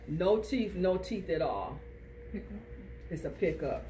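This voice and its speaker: A very animated instructor with a medium-pitched voice teaches slowly, heard in a distant classroom recording with faint noise. Terms are drilled through rhythmic repetition, and students are quizzed with call-and-response questions.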